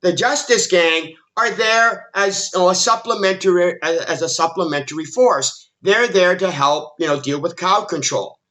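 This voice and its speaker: A man's voice: sits high, moderate pace, hardly any pauses, pushed and bright. A man giving an exasperated, emphatic movie critique monologue, often restarting his sentences as he rants. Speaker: film commentary YouTuber.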